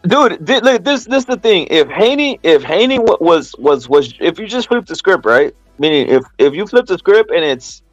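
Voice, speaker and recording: A man's voice: sits high, very animated, normal speed, hardly any pauses, dry recording, muffled recording, faint music behind. A man in casual boxing chat, profane, rambling and emphatic.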